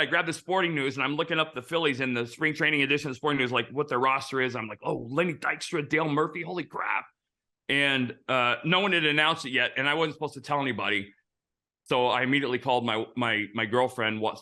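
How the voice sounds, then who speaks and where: A man's voice: mid-range voice, sharp tone. A middle-aged man, a former ballplayer, casually telling rambling stories with many fillers and restarts, acting out the dialogue he quotes. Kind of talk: casual storytelling.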